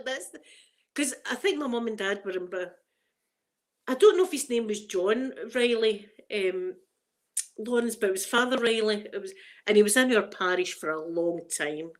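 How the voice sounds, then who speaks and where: With an animated, medium-pitched voice and frequent pauses, this middle-aged woman from Scotland talks at a normal pace. Hosting her livestream, she wanders through amusing stories and laughs a lot.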